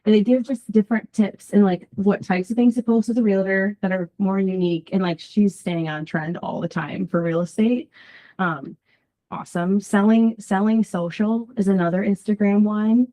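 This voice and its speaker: A woman's voice: mid-range voice, fairly even intonation, moderate pace, dark tone. A woman who creates social media content, giving a casual talk to a small group in person. She talks in a bubbly, chatty way with lots of ums and likes, and sounds a little nervous because she is new to speaking in front of people. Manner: nervous first-time speaker.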